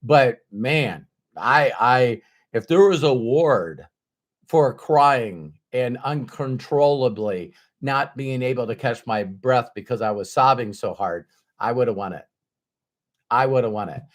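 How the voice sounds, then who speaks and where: A middle-aged man tells a personal story to his audience in a candid, unscripted way. His voice sits at an ordinary middle pitch. Now and then it jumps into sudden loud, animated bursts. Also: takes it slowly. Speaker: motivational speaker.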